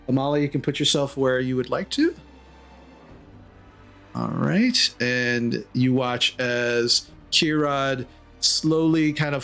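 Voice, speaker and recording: A man's voice: a little high, a bit bright. Easygoing male game master narrating. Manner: loose, descriptive narration with many fillers.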